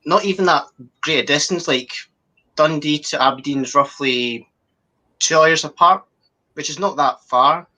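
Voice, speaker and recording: A man's voice: a little high, normal speed, pushed and bright. A man from Scotland, chatting casually and explaining his point at length. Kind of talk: casual chat.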